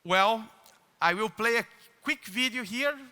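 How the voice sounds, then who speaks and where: A man delivers an earnest keynote in a large conference hall. His voice sits high and sounds very bright. A long hall reverb trails each phrase. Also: animated, unhurried, clear, resonant tone. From Brazil. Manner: earnest, with hesitant fillers and restarts. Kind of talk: formal conference speech.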